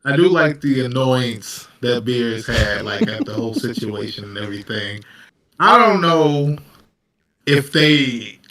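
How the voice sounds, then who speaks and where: Male host, bright and laid-back, recorded a little off-mic in an echoey room. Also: medium pitch, animated, a little slow, distant mic. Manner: laid-back, laughing, profane. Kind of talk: casual anime discussion.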